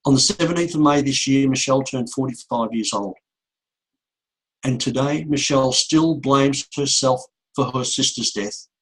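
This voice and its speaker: A middle-aged man, a motivational speaker, telling a painful story to an audience in a slow, repetitive way with emphatic pauses. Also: medium pitch, slightly rough, rough recording. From Australia. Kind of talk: emotional speech to an audience.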